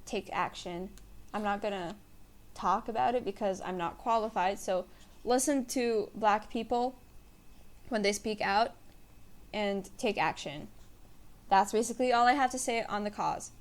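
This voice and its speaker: A woman's voice: medium pitch, unhurried, long pauses. A young woman hosting her own podcast, chatting casually and rambling in a self-deprecating way. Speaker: podcast host. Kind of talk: casual solo podcast chat.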